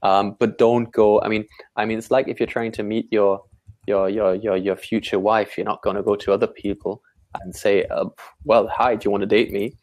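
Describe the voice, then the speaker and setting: Emphatic low-voiced Austrian man. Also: normal speed. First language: German. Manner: energetic, emphatic, repeats words when starting a point. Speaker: startup pitch expert guest. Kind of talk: live online talk.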